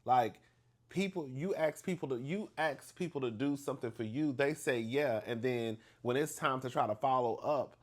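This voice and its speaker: A man telling a story to the camera in a chatty, animated way, acting out the dialogue with big emphasis and calling the listener "girl". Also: mid-range voice, moderate pace. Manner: acts out dialogue with exaggerated emphasis.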